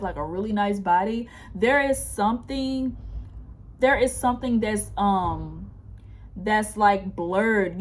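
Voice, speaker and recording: A woman giving a casual pick-a-card tarot reading, chatty and encouraging, with lots of restarts. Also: fairly high pitch. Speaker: tarot reader.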